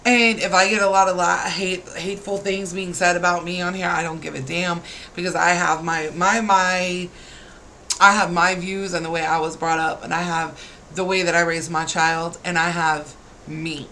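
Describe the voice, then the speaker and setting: A woman's voice: lowish voice, little pitch movement, moderate pace, sharp tone, slight background noise, low-quality recording. Exasperated woman ranting to camera. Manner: exasperated, scolding, rhetorical questions. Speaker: parent venting on camera. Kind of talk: heated rant to camera.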